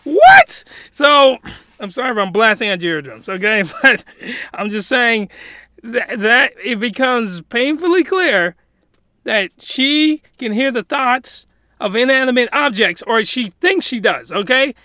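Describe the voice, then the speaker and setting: A man excitedly recapping a story in casual chat, laughing and rambling with many restarts. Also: extremely high pitch, a little slow, no echo, studio quality. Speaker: video commentator.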